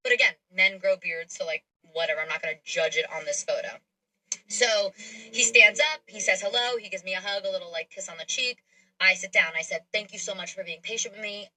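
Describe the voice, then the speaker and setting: A woman's voice: mid-range voice, fairly quick, rough recording. A young woman telling a dating story in a casual, chatty way, full of fillers. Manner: chatty, animated, frequent fillers. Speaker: storyteller in a played clip.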